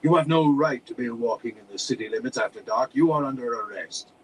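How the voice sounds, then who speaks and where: A man's voice: medium pitch, fairly quick, distant mic, lightly acted, poor audio. A fat, sneering hobgoblin captain, as a man reading aloud puts him on, speaks in a thick, pompous accent. He is a storybook villain, haughty and menacing. A faint hum runs behind him.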